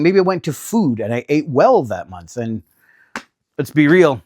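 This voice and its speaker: A man's voice: fairly high pitch, very animated, measured pace, a little mellow. A middle-aged man, talking casually to camera about RV costs in a chatty, exasperated, self-deprecating way. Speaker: RV vlogger. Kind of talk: casual vlog talk.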